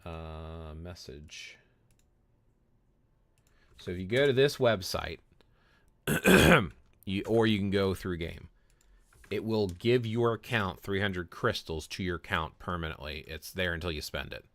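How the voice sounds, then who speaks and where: A man with a low voice chats casually while streaming a mobile game. He talks to his viewers by name and often repeats words or restarts a thought. The sound is dry and close, with little room echo. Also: unhurried, pauses often. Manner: greets viewers by name and answers chat. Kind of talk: casual live-stream chat while playing.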